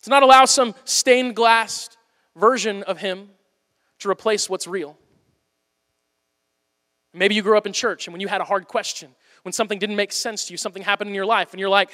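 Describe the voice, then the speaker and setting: High bright voiced pastor preaching hard, goes loud then quiet, big echoey church hall. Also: male voice, fairly quick. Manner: impassioned preaching, swinging from loud to hushed. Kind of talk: sermon. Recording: long hall reverb.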